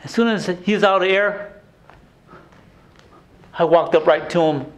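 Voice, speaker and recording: An actor playing a grown man reliving his abusive childhood in a theatrical stage monologue, swinging between hushed and shouting. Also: sits high, measured pace. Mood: haunted. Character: grown man, former abused son, intense and haunted.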